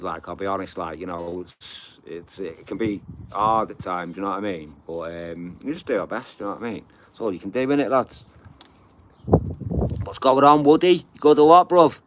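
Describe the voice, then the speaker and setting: Deep-voiced, sweary man. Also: a little fast, few pauses, a bit bright, a little hiss or hum. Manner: rambling, sweary, full of "you know what I mean". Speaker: live streamer. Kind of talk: casual chat on a live stream.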